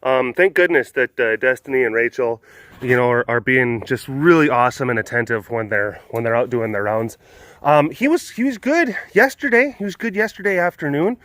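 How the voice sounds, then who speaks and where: A man's voice: medium pitch, animated, normal speed, a bit bright, no room sound. A man who keeps big cats, chatting casually in a vlog outdoors in cold wind. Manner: chatty, rambling, laughing. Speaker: big cat sanctuary keeper.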